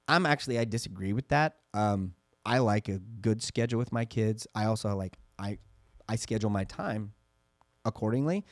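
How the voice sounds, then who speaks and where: A man in his thirties co-hosting a casual podcast chat, telling parenting stories in an earnest, animated way. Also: fairly low pitch, normal speed, no echo, clean studio sound. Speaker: podcast co-host.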